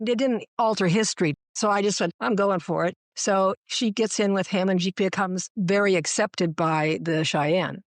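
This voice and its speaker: A woman speaks in a relaxed, conversational way as a guest, telling stories from her career. She slips into the voices of the people she quotes. The recording is dry and close. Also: mid-range voice, moderate pace, hardly any pauses, no echo. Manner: animated, acts out quoted dialogue in her anecdotes. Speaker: showrunner guest. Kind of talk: conversational storytelling interview.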